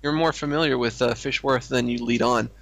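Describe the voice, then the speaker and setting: A man's voice: mid-range voice, fairly even intonation, a little fast, creaky, fairly bright tone. A man co-hosting a crude comedy chat, speaking in a dry, mock-prim way with lots of hesitations. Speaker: co-host.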